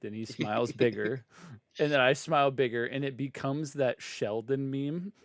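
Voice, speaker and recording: A man's voice: medium pitch, normal speed, no echo, clean studio sound. A man playing in a tabletop game who chats casually, laughs often and explains his character's actions. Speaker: player.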